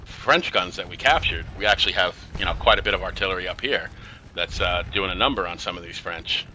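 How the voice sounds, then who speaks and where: A man's voice: low voice, fairly quick, pushed and bright, slight background noise, rough recording. A man giving casual, chatty commentary on a strategy game he is playing, with exasperated, sarcastic asides. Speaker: gameplay commentator.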